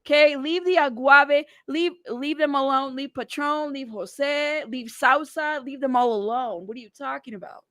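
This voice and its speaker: A woman's voice: sits high, normal speed, hardly any pauses, a bit bright, no room sound, clean studio sound. A woman hosting a casual live stream, talking in a sassy, teasing way and laughing often. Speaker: live-stream news host.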